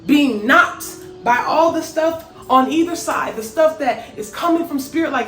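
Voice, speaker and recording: A woman's voice: high-pitched, measured pace, hardly any pauses, fairly bright tone. A woman hosting a motivational spiritual talk, earnest and emphatic with repeated phrases. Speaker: host. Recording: echoey room, faint music.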